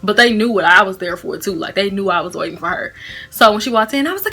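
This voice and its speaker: Young woman vlogger, chatty storyteller, crisp bright tone, soft background music. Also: mid-range voice, fast talker. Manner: casual, chatty, laughing storyteller. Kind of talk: storytime vlog.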